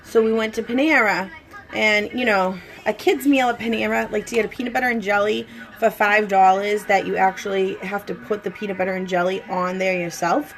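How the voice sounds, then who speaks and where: A woman's voice: medium pitch, fairly even intonation, a little fast, low-quality recording. A young woman and mother chatting casually at home while doing her makeup, telling stories and saying "like" a lot. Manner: chatty storyteller, says "like" a lot. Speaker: vlogger and mother.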